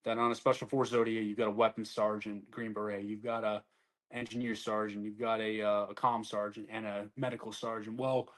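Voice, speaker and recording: A man's voice: on the low side, level tone, a little fast. A man who served as an army soldier, telling his story in a blunt, profane, conversational way and acting out what others said to him.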